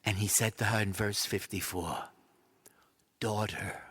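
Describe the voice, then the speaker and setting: A man's voice: fairly low pitch, steady tone, normal speed, a bit bright, slightly rough, in a large hall. A male priest giving a retreat sermon, telling the story animatedly, acting out voices and sometimes dropping to whispers. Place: large church.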